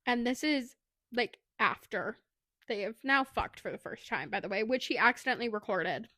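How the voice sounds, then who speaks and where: A woman's voice: fairly high pitch, expressive, normal speed, bright, forceful tone, dry recording, clean studio sound. A young woman co-hosting a podcast, casually retelling a book's plot with lots of fillers. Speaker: podcast co-host. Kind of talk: casual book review chat.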